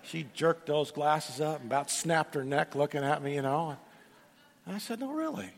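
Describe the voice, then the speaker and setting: A middle-aged man preaches in a large church sanctuary, his fairly high voice carrying a long reverb through the room. He tells folksy stories with joking asides and often restarts or repeats words as he builds toward a point. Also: moderate pace, gravelly, a little hiss or hum. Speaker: pastor. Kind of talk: sermon.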